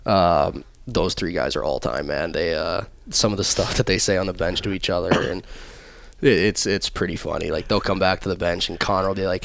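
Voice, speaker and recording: A man's voice: deep voice, moderate pace, vocal fry, fairly bright tone, no echo. A young man and pro hockey player telling easygoing, rambling stories as a podcast guest, full of fillers. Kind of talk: casual podcast chat.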